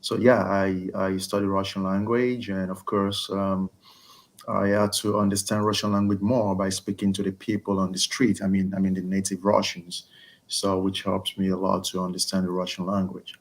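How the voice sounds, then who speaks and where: A man speaking as a guest in a casual interview, answering in a halting way with many fillers and restarts. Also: low voice, little pitch movement. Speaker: interview guest, engineering student.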